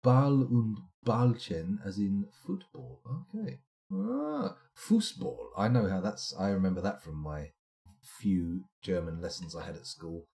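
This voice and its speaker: A man's voice: deep voice, measured pace, mellow. A man streaming a game live, chatting and rambling to himself as he plays. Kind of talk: live let's-play commentary.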